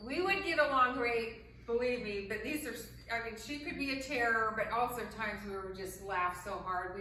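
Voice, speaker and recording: A woman telling a childhood story in casual chat, laughing often and animated as she talks. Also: mid-range voice, heavy reverb, distant mic, slight background noise, rough recording.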